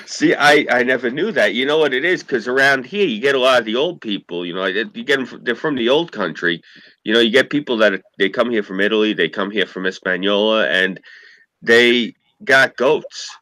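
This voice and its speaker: A man spins loose, profane stories in a relaxed chat, jumping into the voices of the people in them. His tone is bright and his pitch swings widely. The sound is dry and close. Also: a little fast, no room sound, poor audio. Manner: rambling anecdotes with profanity and acted-out quotes. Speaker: podcast co-host. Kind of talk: casual storytelling chat.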